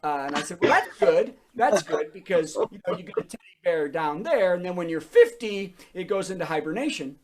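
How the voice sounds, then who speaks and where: Man, comedy host, animated pitch, self-deprecating, video call. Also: a little fast, hardly any pauses. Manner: self-deprecating, laughs at own jokes. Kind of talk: stand-up jokes on a video call.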